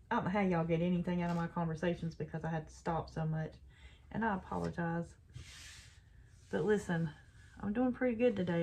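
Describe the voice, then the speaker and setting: An older woman, the host of a craft channel, chatting and telling rambling stories while she works on a craft. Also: fairly low pitch. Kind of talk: casual chat while crafting.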